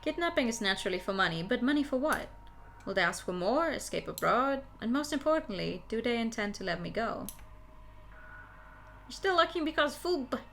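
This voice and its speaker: A woman's voice: a little high, lively intonation, a little fast, gravelly, a bit bright, a little hiss or hum. A young woman streamer playing a story game, reading its text aloud and chatting about it between lines.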